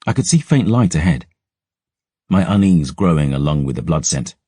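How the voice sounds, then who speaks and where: A man narrating a dark fantasy audiobook in a measured, brooding storytelling manner, close to a studio mic. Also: extremely low pitch, sing-song, husky, no echo.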